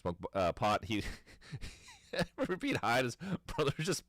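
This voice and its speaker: A man's voice: mid-range voice, huge pitch swings, moderate pace, a bit bright, no echo, clean studio sound. A man in his thirties chatting casually on a livestream, telling rambling stories and laughing often. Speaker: streamer.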